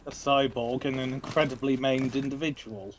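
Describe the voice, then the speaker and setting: A man's voice: medium pitch, fairly even intonation, moderate pace, slight background noise. A man playing a game on stream, chatting casually with dry, opinionated jokes. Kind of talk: casual gaming stream chat.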